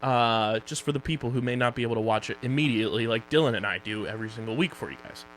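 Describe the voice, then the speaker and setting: A man with a Philadelphia accent co-hosts a casual podcast, joking around and rattling off plugs and sponsor reads. His voice sits at an ordinary middle pitch. A faint hum runs under the recording. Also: quick pace, a bit bright, low-quality recording. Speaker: podcast co-host.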